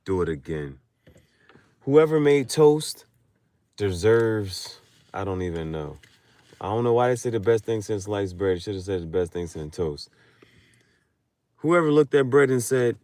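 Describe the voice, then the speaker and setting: A man with a fairly low voice rambles in a late-night casual monologue. His pitch swings widely, from hushed mutters up to squeaky outbursts, and he laughs often. The sound is dry and close, with no room echo. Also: very animated, a little slow, long pauses. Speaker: vlogger.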